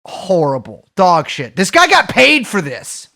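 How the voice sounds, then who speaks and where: A man's voice: sits high, huge pitch swings, a little slow, gravelly, bright, forceful tone. A man co-hosting a podcast, talking casually with a sardonic, swearing edge. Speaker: podcast co-host.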